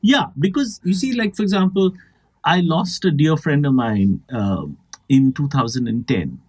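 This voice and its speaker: A man with a fairly high voice hosts a comedy podcast. He tells long, winding anecdotes in a lively, chatty way, and often breaks off mid-sentence to add a detail. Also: a little slow, husky. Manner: animated, rambling anecdotal storytelling. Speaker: podcast host. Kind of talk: casual comedic chat.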